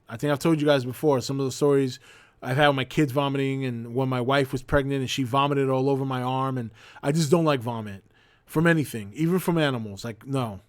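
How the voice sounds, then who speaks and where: A man in his forties hosting a livestream, telling an anecdote in a casual, profane, animated way. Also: mid-range voice, a little fast, no room sound. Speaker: host.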